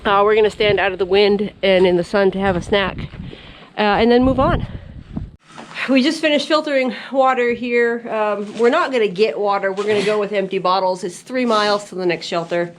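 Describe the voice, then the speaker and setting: A woman's voice: medium pitch, steady tone, moderate pace, slight background noise. A woman hiker talking to her camera on a mountain trail, chatty and giggly as she tells a story. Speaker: thru-hiker vlogger. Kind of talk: casual outdoor vlog narration.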